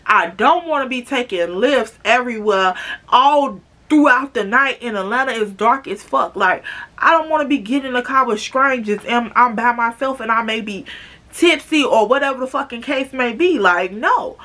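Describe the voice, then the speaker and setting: Bright, animated woman telling a story. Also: a little high, moderate pace. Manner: animated, profane, chatty, addresses viewers as girl. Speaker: vlogger. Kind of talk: casual storytime monologue.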